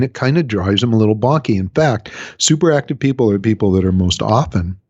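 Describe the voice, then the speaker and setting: A man's voice: lowish voice, darkish tone, dry recording. A man, a relationship coach, explaining ideas in a casual radio interview, often changing his speed to make a point. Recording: dry, slightly dull radio recording.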